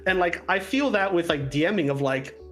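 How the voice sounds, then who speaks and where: A game master chatting as a podcast guest, rambling with many fillers in a lively way. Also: mid-range voice, moderate pace, soft background music. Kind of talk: casual podcast chat.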